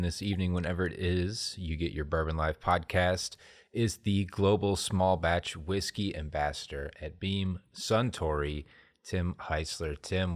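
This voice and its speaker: A man co-hosting a podcast in a relaxed, joking way. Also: sits low. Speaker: podcast co-host. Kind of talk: casual podcast chat.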